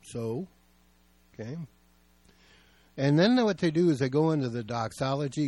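A man's voice: medium pitch, animated, normal speed, pauses often, mellow, dry recording. A male pastor preaching a sermon, telling stories in a plain, conversational way.

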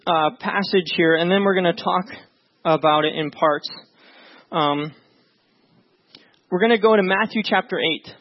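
A man preaching a sermon as pastor, reading scripture and talking to his congregation in a conversational way, often repeating words and asking "right?". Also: high-pitched. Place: church before a congregation. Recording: dull lo-fi sound.

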